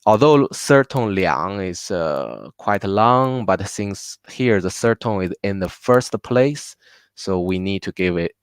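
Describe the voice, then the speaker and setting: A man teaching a live online language class, patiently repeating words slowly for his learners. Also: sits low, animated, clean tone, dry recording.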